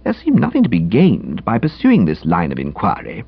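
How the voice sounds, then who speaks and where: A man narrates a comic audiobook with a breezy, chatty delivery and hugely animated pitch swings. His voice has a slightly husky edge. The recording is dry and a bit dull in tone. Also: moderate pace, no room sound. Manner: breezy, chatty, highly expressive reading.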